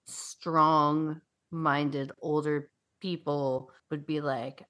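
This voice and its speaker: A woman's voice: sits low, level tone, drawn-out words, fairly bright tone. A middle-aged woman co-hosting a podcast, telling stories in a blunt, casual way with lots of swearing. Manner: blunt, swears freely, storytelling. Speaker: podcast co-host. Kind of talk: casual chat.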